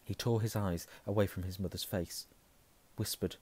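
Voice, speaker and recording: A hoarse man reading a novel aloud, hushing at tense moments and correcting himself. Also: sits low, fairly even intonation, moderate pace. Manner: self-correcting, softening to a hush at tense moments. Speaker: reader.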